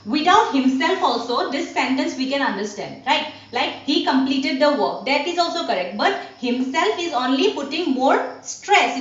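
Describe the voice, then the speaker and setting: A woman teacher giving an online grammar lesson, repeating points slowly and asking "what?" to prompt her students. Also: high voice, fairly bright tone. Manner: slow, repetitive teaching with rhetorical "what?" questions. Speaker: school teacher. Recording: dull, roomy recording from a distance.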